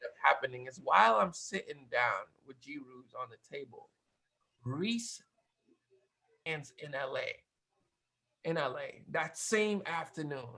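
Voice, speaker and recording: Bright-voiced man from Cape Verde. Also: on the high side, slow, gravelly, long pauses, low-quality recording. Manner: animated, slangy, swears often. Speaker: guest. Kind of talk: casual storytelling.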